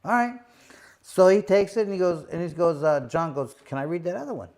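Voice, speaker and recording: A man's voice: high-pitched, fairly quick. A middle-aged man, a former boxer hosting a live show, telling a long story casually with lots of fillers and acted-out quotes. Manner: animated, acts out quoted voices, many fillers. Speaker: host, former boxing champion.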